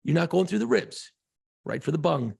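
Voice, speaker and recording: A man co-hosting a podcast, telling a profane, excitable story in casual chat. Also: on the high side, moderate pace, no echo, studio quality. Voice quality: gravelly, husky voice. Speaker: podcast co-host.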